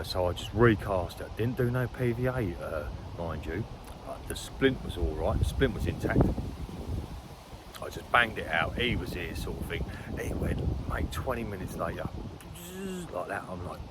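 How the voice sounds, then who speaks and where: A man's voice: on the low side, background noise. A man chatting casually to camera while fishing outdoors by a lake, rambling, swearing freely and laughing often. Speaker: angler vlogger.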